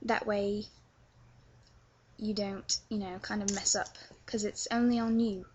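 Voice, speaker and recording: A woman's voice: medium pitch, level tone, unhurried, darkish tone, a little hiss or hum. A young woman from England with a London accent, chatting her way through a casual tutorial with lots of filler words. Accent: London English. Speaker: vlogger teaching accents.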